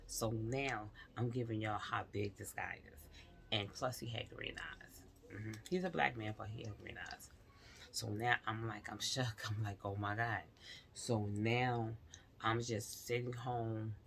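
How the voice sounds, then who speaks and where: A woman vlogger telling a personal story in a casual, animated way, talking straight to her viewers and slipping into whispered asides. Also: rumbling low, creaky, slight background noise.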